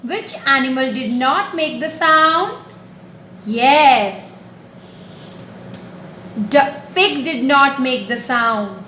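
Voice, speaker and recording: A woman's voice: high voice, expressive, drawn-out words, long pauses, sharp tone, a little hiss or hum. A woman teaching a nursery class, talking patiently and coaxingly in a sing-song way to small children. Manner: patient, coaxing, repeats simple instructions. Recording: echoey room.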